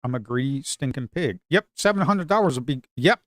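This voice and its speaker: A man, commenting live on his own futures trades. He swings from shouting at the market to muttering to himself. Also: mid-range voice, expressive, brisk, few pauses, dry recording, clean studio sound. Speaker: live trading streamer.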